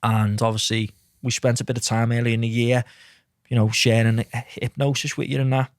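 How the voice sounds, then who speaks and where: A man's voice: mid-range voice, fairly quick, dry recording, clean studio sound. Chatty man telling stories. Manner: lively anecdotes, acts out quotes, says mate a lot. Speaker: podcast guest, mindset coach. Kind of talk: casual storytelling chat.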